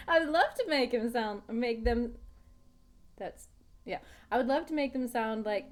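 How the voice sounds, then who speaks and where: A woman's voice: on the high side, animated, unhurried, faint music behind. Playful laughing woman streamer. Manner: playful, laughs often, chatty with viewers. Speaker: livestreamer. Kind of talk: casual let's-play chat.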